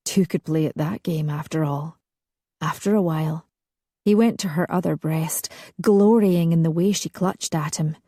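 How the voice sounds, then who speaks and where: A woman narrating a historical romance audiobook in a slow, hushed, sensual reading. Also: on the low side, no room sound, clean studio sound.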